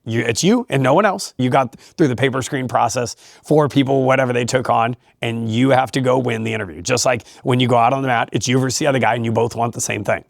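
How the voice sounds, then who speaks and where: A man who coaches high school wrestling, talking in a relaxed interview in an emphatic, motivational way and laughing often. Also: quick pace, vocal fry, hardly any pauses, dry recording, clean studio sound. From California. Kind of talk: casual interview talk.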